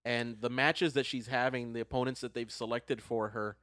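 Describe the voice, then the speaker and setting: Male podcast regular, mid-pitched, dry close mic, rambling explainer. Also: fairly even intonation, moderate pace, a bit bright, no room sound. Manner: explains at length, hesitant restarts. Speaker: wrestling correspondent on a podcast. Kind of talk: casual chat.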